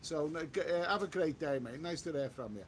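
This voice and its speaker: A chatty man talks on a live stream, reading out comments and circling back over his points. His voice sits high for a man. Faint outdoor noise runs behind him. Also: a little fast. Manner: chatty, repeats himself, reads comments aloud. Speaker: travel vlogger reading live chat. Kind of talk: casual live-stream chat. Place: outdoors on a walk.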